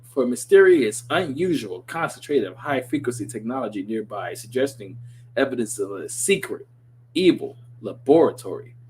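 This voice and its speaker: A corny middle-aged scientist dad who speaks in a hammy, earnest way, read by a man. The voice sits at a middle pitch, with a faint hum in the background. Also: very animated, moderate pace, darkish tone, lightly acted.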